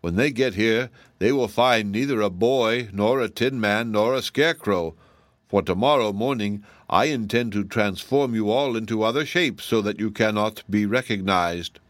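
A man's voice: fairly low pitch, normal speed, dry recording, natural voice. A man voicing a huge, falsely sweet giantess witch who talks in a mocking, self-assured way for a storybook reading. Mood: scornful.

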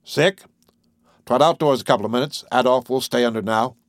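A man playing a gruff country doctor. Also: mid-range voice, a little fast, no room sound, studio quality, close to an everyday voice. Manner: brusque, clipped orders.

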